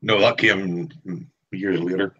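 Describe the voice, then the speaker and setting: A man's voice: low-pitched, steady tone, slow pace, bright, forceful tone, breathy edge, highs cut off. A man from Ireland in a casual podcast chat, blunt and grumbling, swearing freely.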